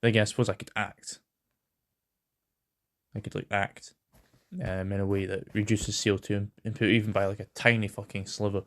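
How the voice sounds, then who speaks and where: A man's voice: on the low side, flat delivery, normal speed, pauses often, fairly bright tone. A British man hosting a casual news rant. He rambles, swears a lot and fills his talk with ums and hesitations. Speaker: host.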